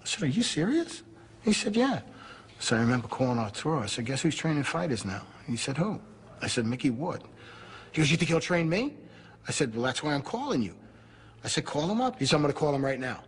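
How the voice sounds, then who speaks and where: A man's voice: medium pitch, big pitch swings, fast talker, husky. A man reflecting fondly on a fighter in an interview. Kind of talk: interview recollection. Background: music.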